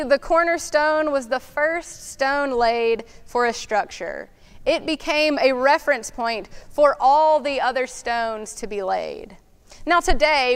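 A woman preaching a sermon in a slow, reflective way, asking questions aloud. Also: sits high.

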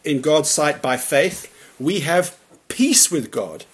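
A man preaching a church sermon in a fairly high voice. He talks earnestly and with emphasis, and lets many phrases fall soft at the end. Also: animated, slow. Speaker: pastor.

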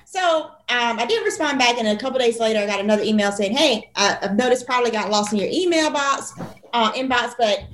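A woman tells a story in a loose podcast chat, lively and expressive as she acts out each exchange in quoted voices. Her voice sits a little high. The room around her is echoey. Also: fairly quick. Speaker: podcast co-host and physician.

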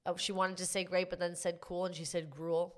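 Brief: woman, comedian guest, playful, animated, cheerfully crude chatter. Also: on the low side, a little fast. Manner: animated, playful, swears, overshares. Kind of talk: casual chat.

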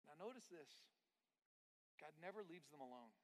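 A man preaching a sermon and telling a story in an animated way, at times acting out his sister's words. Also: fairly high pitch, measured pace. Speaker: pastor. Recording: long hall reverb.

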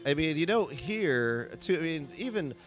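A man's voice: on the high side, lively intonation, moderate pace. A man hosting a podcast, chatting casually in a bar and rambling with lots of fillers. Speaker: podcast host. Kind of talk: casual bar-room chat. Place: bar, indoors.

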